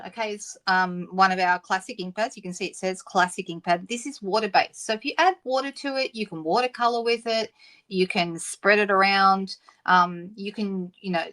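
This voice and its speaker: A middle-aged woman from Australia hosting a live papercraft demonstration, chatting and greeting viewers by name between explanations. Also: mid-range voice. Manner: warm, laughing asides. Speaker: papercraft host. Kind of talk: live-stream craft demonstration.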